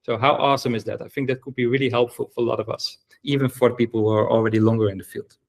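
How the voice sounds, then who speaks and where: Male host, eager and chatty, mid-pitched voice, lots of ums while introducing speakers. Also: fairly even intonation, very fast, gravelly. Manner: enthusiastic, filler-heavy, stumbles over names. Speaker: event host. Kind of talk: live online event introduction.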